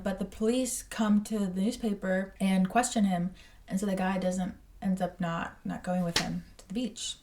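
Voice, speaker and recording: A woman in her twenties talks through a film reaction in a casual, animated way, blunt and swearing freely. Her voice sits at an ordinary pitch. She sounds a little distant from the microphone. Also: moderate pace, slight background noise. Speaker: movie reaction creator. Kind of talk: casual movie reaction commentary.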